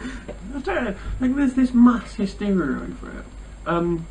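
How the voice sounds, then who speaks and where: A man's voice: high-pitched, very animated, unhurried, darkish tone. A young man co-hosting a podcast, making dry, wry remarks in casual chat. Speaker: podcast co-host. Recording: distant mic with faint ambient noise.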